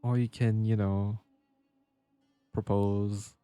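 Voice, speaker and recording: A man's voice: fairly low pitch, level tone, slow pace, warm tone, clean tone, dry recording, faint music behind. A man streaming a video game, chatting and reacting with cheeky jokes and the odd swear word. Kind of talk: live game commentary.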